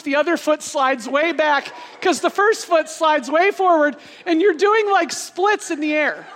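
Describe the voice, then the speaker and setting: A woman in her forties telling a funny personal story in a sermon, animated and laughing as she goes. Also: sits high. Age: 40s. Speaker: speaker. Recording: long hall reverb.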